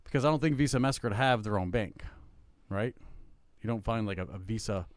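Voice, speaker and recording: A middle-aged man talking casually on a podcast, his voice smooth and resonant. The sound is dry and close, with no room echo. He rambles, stacking fillers and restarting his sentences. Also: lowish voice, brisk. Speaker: podcast co-host. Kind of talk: casual chat.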